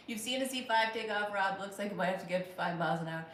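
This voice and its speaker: This is a woman from the United States, in her thirties, running a laid-back livestream where she reads viewer comments, cracks wry jokes and thanks people by name. Medium in pitch and fairly bright, she's a fast talker. Distance from the mic brings a roomy echo and slight hiss or hum.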